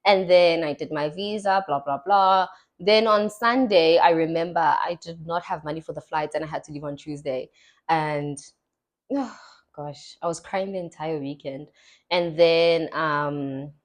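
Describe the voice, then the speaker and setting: An unhurried young woman with a low-sitting voice hosts a podcast; she's from South Africa. Her style is chatty storytelling in casual conversation, complete with acted-out voices for the people she quotes.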